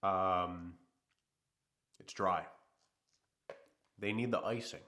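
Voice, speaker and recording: A man with a low voice, hosting a casual livestream while a little under the weather. He rambles in an easygoing way and talks straight to his chat. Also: steady tone, drawn-out words, sharp tone, slight background noise. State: sick. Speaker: livestream host.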